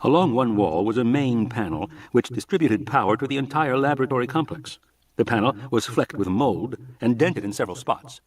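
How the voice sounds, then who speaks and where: Expressive male audiobook narrator, husky voice, lively pitch, mic a bit distant. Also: brisk. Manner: expressive storytelling delivery. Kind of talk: scripted narration.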